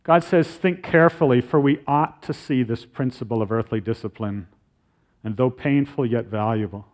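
A middle-aged man preaching to his congregation in an earnest, conversational sermon. He slows right down when he reads scripture aloud. His pitch sits in an ordinary middle range. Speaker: pastor.

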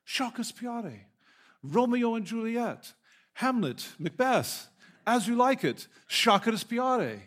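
A man voicing an eager young foreign student, stretching each word out in a high, insistent voice. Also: big pitch swings, exaggerated voice. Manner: drawn-out, emphatic, high-pitched repetition.

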